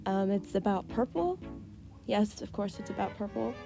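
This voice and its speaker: A woman's voice: medium pitch, lively intonation, normal speed, creaky, music in the background. A young woman casually reading her old fan stories aloud and chatting about them, giggling and reacting as she goes.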